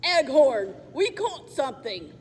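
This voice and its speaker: A woman voicing a fat, brutish male troll with a low growling voice, in a storybook reading. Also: big pitch swings, slow pace, darkish tone, full character voice. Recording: faint long reverb, faint hiss.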